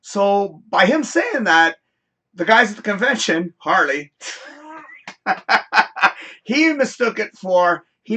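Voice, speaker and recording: Male host, high bright voice, loose rambling anecdote with cursing. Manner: rambling, animated, swears freely. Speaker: show host. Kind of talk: casual storytelling on a live show.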